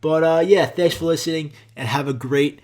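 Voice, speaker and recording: A man's voice: fairly high pitch, normal speed, a little mellow. A man hosting his own podcast alone, ranting and swearing as he rambles. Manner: profane, rambling rant. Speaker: podcast host. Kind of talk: solo podcast rant.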